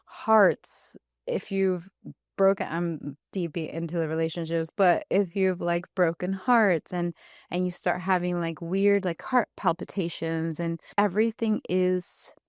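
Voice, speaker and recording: A woman with a fairly low, smooth and clear voice, talking through her ideas in an earnest, explaining way, often reaching for "like" as she goes. She is a guest in a relaxed podcast conversation, on a dry, close recording. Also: a little slow, dry recording. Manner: earnest, explanatory, heavy use of "like" fillers. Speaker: guest, spiritual coach and energy healer. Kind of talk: casual podcast interview.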